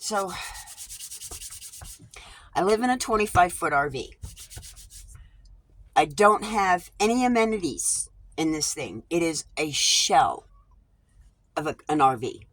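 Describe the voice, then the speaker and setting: Woman, casual vlog, low voice, unhurried, blunt and profane, stop-start phrasing, small RV interior. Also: sing-song, fairly bright tone, no room sound. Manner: frank, swears freely, halting restarts. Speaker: vlogger. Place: inside a small RV. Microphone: phone or camera with a wide-angle lens.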